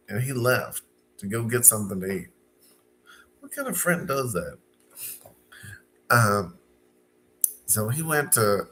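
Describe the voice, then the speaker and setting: A middle-aged man from Arkansas telling a personal story in a casual storytime monologue, unhurried and halting with fillers and restarts. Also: medium pitch, pushed and bright, slight background noise.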